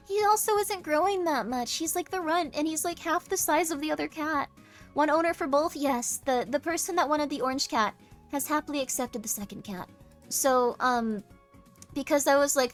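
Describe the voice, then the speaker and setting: High-pitched bubbly young woman streamer. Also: brisk, soft background music. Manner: bubbly, jumps to squeaky highs when excited. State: tired. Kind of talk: casual live-stream chat.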